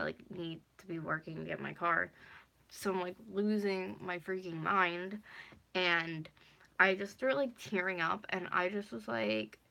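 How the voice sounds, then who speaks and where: A woman's voice: on the low side, fairly quick, vocal fry, pushed and bright. A woman in her twenties telling a casual storytime vlog, rambling with a lot of "like" and the odd swear word. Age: 20s. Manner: rambling, heavy use of "like", swearing. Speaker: vlogger.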